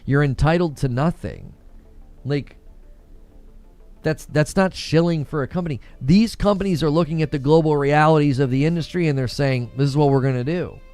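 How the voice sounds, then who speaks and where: A man's voice: a little high, normal speed, a little mellow, faint music behind. A man hosting a gaming live stream, giving heated, emphatic commentary and repeating phrases for effect. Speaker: gaming channel host.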